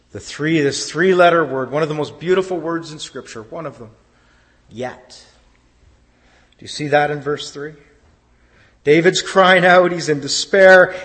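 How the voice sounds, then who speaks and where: A pastor preaching a sermon, swinging from loud declarations down to hushed, almost whispered lines. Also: male voice, on the high side, in a large hall.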